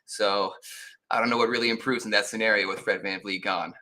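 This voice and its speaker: Bright-voiced man in casual sports chat. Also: lowish voice, fairly even intonation, brisk. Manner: hesitant, with fillers and sighs. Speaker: podcast co-host.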